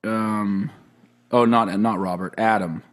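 A man's voice: fairly low pitch, fairly even intonation, slow. A man co-hosting a casual podcast, friendly and thoughtful. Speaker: podcast co-host. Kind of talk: casual chat.

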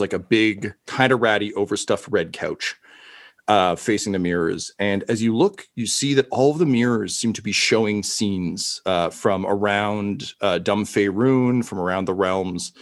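A man running a tabletop game as dungeon master, describing scenes in a halting way with many pauses. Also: fairly low pitch. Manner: halting, full of ums and uhs, slow descriptions.

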